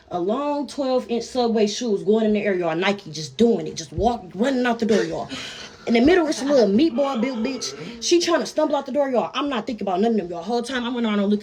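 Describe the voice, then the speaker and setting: A woman's voice: fairly high pitch, a little mellow. A woman telling a personal story to her viewers in a brash, profane, casual way, constantly calling out to them as y'all.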